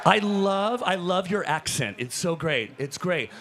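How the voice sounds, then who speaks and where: A man hosting a live event from a convention floor, excitedly shouting and interviewing fans. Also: high voice, a little slow, heavy background noise. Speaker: event hype host.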